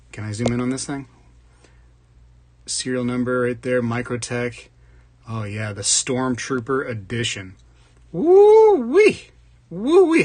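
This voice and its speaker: Chatty husky man hosting a livestream. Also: medium pitch, a bit bright. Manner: chatty, jokey, greets viewers by name. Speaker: livestream host. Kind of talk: casual live chat reading comments.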